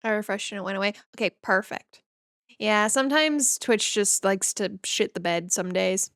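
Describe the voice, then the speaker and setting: A woman's voice: medium pitch, moderate pace, a bit bright, no room sound, studio quality. A woman from northern Canada, a streamer chatting casually with her viewers in a rambling, easygoing way as she reads and answers chat.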